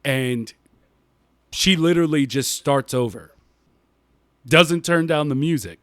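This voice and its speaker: A man's voice: on the high side, slow pace, dry recording, clean studio sound. A man on a podcast telling stories in a casual chat, laughing often and drawing out his punchlines. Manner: animated, laughs often mid-story. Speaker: podcast co-host.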